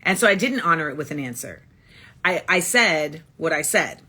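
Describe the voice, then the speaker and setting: A woman's voice: low-pitched, lively intonation, normal speed, sharp tone, husky. A woman hosting a casual livestream monologue into a phone, blunt and emphatic, restating her points again and again. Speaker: livestream host.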